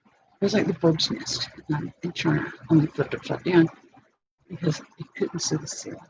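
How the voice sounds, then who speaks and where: Gravelly woman rambling through a story. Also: low-pitched, steady tone, moderate pace. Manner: rambling, digressive, frequent restarts and fillers. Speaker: vlogger. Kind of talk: unscripted personal storytelling. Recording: dull lo-fi sound with clear background noise.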